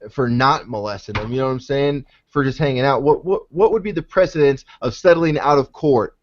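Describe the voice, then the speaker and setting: A man's voice: medium pitch, a little fast. A man co-hosting a podcast, arguing bluntly and emphatically, swearing often. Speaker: podcast co-host. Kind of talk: heated casual debate. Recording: dull lo-fi podcast audio.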